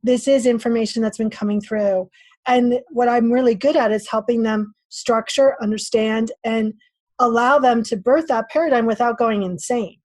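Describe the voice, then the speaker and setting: Woman guest, lively storyteller, slightly high pitch, dry booth sound. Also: moderate pace, no room sound. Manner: animated storyteller acting out her own inner voice. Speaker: podcast guest. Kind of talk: casual interview talk.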